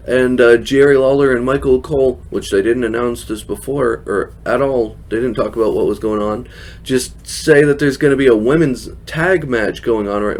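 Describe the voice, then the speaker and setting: A man giving a casual recap of a televised show, chatty, laughing often and filling pauses with fillers. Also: mid-range voice, a little mellow. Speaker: wrestling recap host.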